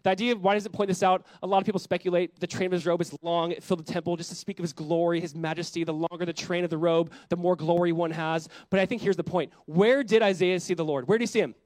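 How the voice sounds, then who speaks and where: Preaching a sermon at a quick pace, a male pastor uses a high, lively voice to fire rhetorical questions at the congregation, then drops to a soft, hushed delivery for reflective lines. The recording is dry and close-miked, with hardly any room echo.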